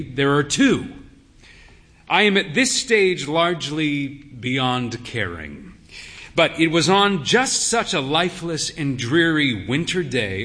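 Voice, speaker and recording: Slow, weary male story narrator. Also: medium pitch, pushed and bright, long reverb tail. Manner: weary, wry, unhurried. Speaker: narrator, pub landlord. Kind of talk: literary story reading.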